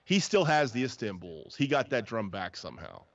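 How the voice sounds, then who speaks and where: A man's voice: on the low side, very animated, normal speed. Man, casual drum talk, rambling storyteller, dull lo-fi livestream sound. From New Jersey. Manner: rambling storyteller with many restarts. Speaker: drummer and podcast host. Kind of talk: casual chat about drums.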